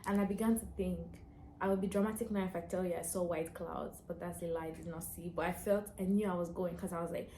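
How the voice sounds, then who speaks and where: A woman's voice: medium pitch, fast talker, a little mellow, a little hiss or hum. Young female vlogger, chatty storyteller who laughs a lot, recorded in a reverberant room. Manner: chatty, laughs often, acts out dialogue. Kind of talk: casual storytelling to camera. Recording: echoey room, faint ambience.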